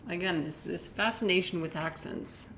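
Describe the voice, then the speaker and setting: Casual woman streamer, talks in loose rambling bursts; low-pitched, recorded in an echoey room. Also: normal speed, a bit bright. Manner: chatty, rambling, many fillers and restarts. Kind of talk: casual chat with viewers. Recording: echoey room with faint noise.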